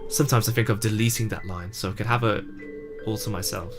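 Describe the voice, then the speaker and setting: A man's voice: lowish voice, fairly even intonation, quick pace, over music, lightly acted. A man voicing a proud, remorseful teenage girl club president, emotional and tearful, in a fan reading of a game. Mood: confessional. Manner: emotional, breaking into tears.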